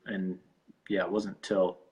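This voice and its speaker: A man joining his wife's talk as a guest, speaking in a loose, halting, casual way. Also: deep voice, level tone, a little mellow, poor audio. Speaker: guest, her husband. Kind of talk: casual chat.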